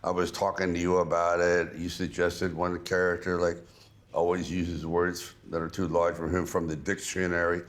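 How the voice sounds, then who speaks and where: Very deep-voiced older man, drawling. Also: little pitch movement. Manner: drawling, unhurried, reflective. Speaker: host. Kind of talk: conversational interview.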